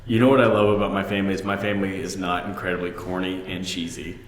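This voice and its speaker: A man with a lowish voice talks movies in a loose, opinionated way, mocking what he dislikes. The sound carries a long, roomy reverb. He comes across as a sarcastic co-host. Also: little pitch movement, fast talker, very noisy. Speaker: podcast co-host. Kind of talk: casual movie chat. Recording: echoey room with long reverb.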